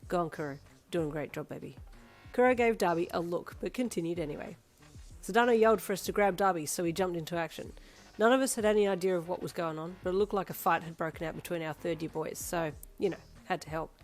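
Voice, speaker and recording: A woman reading second-person fanfiction aloud with brisk, lively storytelling. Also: lowish voice, faint music behind. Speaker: fanfiction reader.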